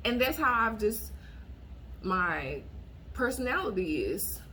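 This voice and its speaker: A woman vlogger telling a dating story to her viewers in a casual, blunt and animated way, often acting out what she said in a raised voice. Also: a little high, slow, a little hiss or hum.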